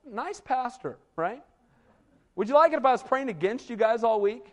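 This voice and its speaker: Speaking at a moderate pace with an extremely high pitch, a man preaches as a pastor in a church that gives his voice a big-room sound. He stays lively and conversational, often throwing "right?" to the people listening.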